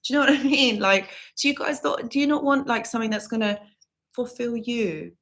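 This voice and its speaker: Hosting a live Q&A stream, a woman recovery coach reads viewer comments aloud and answers with earnest, reassuring advice she often repeats. Her voice is fairly high, brisk, and a bit bright.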